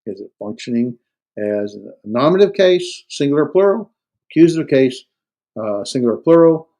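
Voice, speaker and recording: Man, classroom lecture, emphatic, lots of uh and um, mid pitch. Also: animated, moderate pace, mellow, rough recording. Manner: explains step by step, many fillers and restarts; stresses words hard. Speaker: Greek instructor. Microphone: recorded lecture.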